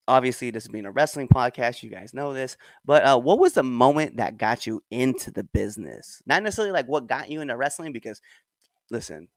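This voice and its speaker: A young man from the Midwest hosts a casual podcast, his pitch jumping around as he laughs through his stories. He is recorded close, with a dry, dead sound. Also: no room sound. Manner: animated, laughing, swearing storyteller. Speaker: podcast host.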